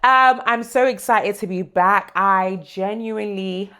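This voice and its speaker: A woman hosting her own show, talking to camera with excited, emphatic gratitude and preaching about faith. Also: mid-range voice, a little slow, few pauses, clear, resonant tone. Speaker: host. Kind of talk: casual monologue to camera.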